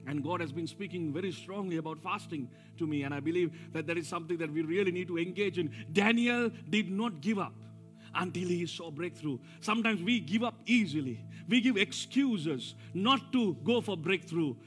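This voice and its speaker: A man, preaching a sermon as pastor, with call-and-response lines, swinging from shouts down to low asides. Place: church service.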